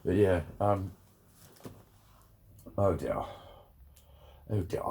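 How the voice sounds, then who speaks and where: A man's voice: low voice, very slow, long pauses, warm tone, slightly rough. A man venting in a rambling, sweary, self-critical vlog. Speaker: vlogger. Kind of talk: casual confessional vlog.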